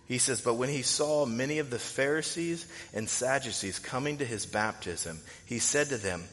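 A man preaching a sermon as pastor, animated and jumping into loud, high-pitched bursts when acting out quotes. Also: in a large hall.

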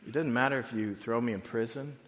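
Man, pastor, sermon, conversational, quiet to loud swings, echoey church hall. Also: medium pitch, a little fast.

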